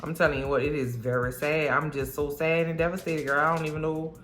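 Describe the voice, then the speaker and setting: A woman's voice: low-pitched, flat delivery, fairly quick, faint music behind, close to an everyday voice. Woman doing a rich lady faking grief. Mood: mock-sad. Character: rich woman faking sorrow, mournful and composed.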